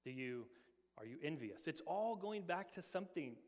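A middle-aged man preaching in a church, his voice sitting a little high for a man. He talks in an earnest way, stacking rhetorical questions and repeating words as he goes. His words ring out with a long reverb from the hall. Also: very animated, normal speed. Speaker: pastor. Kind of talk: sermon.

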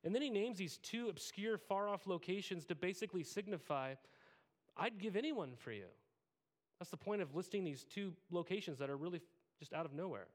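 Animated conversational male pastor. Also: high-pitched, brisk. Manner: conversational, self-deprecating, animated quoted asides. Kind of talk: sermon.

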